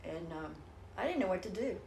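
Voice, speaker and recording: A woman's voice: on the low side, expressive, a little fast, vocal fry, darkish tone, a little hiss or hum. An older woman speaking as an interview guest, telling a personal story in an earnest, rambling way with many restarts. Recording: roomy echo.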